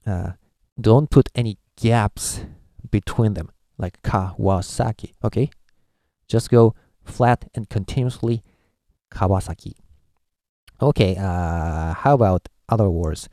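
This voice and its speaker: A man's voice: on the low side, measured pace, dark tone, dry recording, studio quality. A man from Japan, a native Japanese speaker with a Japanese accent, giving a casual language lesson, hesitant with many filler uhs as he sounds out syllables. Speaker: language teacher.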